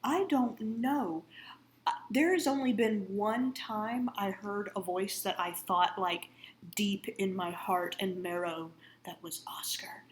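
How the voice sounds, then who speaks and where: A woman's voice: medium pitch, reverberant, slight background noise. A woman co-hosting a live drawing stream, chatting casually, laughing often and telling stories. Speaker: comic artist co-host on a live drawing stream. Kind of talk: casual chat.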